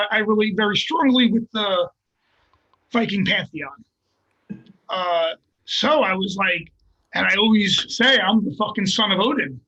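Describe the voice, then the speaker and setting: An older man tells a story with animated, profane energy. His voice sits high and bright, with a husky edge to it. He talks in loose, chatty bursts. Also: muffled recording. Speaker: guest fighter. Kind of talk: casual storytelling.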